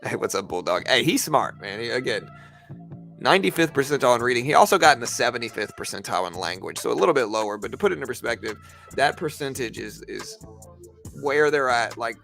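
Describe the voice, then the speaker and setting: A man with a gravelly, fry-edged voice chats loosely to his live-stream audience from home. He rambles, circles back and drops easygoing fillers as he goes. Faint music plays underneath. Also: mid-range voice, lively intonation, fast talker, a bit bright. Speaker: trading live-stream host. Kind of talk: casual live-stream chat.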